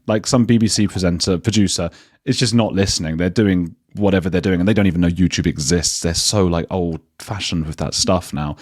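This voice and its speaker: A British man, a journalist and podcaster, talking as a guest in a casual interview, animated and self-deprecating, often restarting his sentences. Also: sits low, dry recording, studio quality. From Britain.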